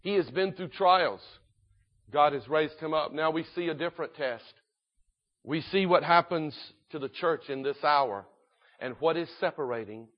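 A man delivers a sermon with a slightly high voice, earnest and emphatic, slowing down and rising in volume to press his points. The recording is muffled, like an older lo-fi church tape. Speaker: preacher.

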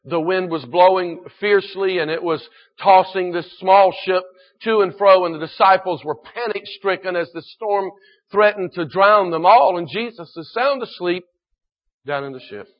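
High-voiced preacher on a dull recording. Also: male voice. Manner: earnest, slows down to stress key points, clears throat often. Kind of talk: sermon.

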